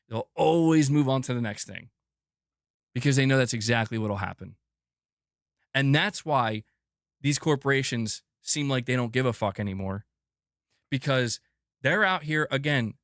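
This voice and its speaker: A man hosting a gaming news livestream, ranting emphatically with lots of swearing, swinging from loud bursts to muttered asides. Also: medium pitch, no room sound, studio quality. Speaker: gaming news channel host. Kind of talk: livestream commentary rant.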